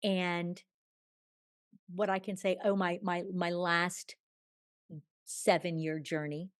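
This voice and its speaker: A woman in her sixties, a podcast guest telling a personal story in an animated way, acting out quoted dialogue and laughing often. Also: fairly low pitch, takes it slowly, clean tone. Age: 60s. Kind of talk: storytelling in a conversational interview.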